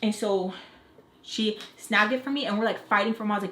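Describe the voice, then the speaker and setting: A young woman telling a personal story in a casual storytime vlog, chatty and animated with lots of "like" fillers. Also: mid-range voice, fast. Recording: roomy echo with faint background noise.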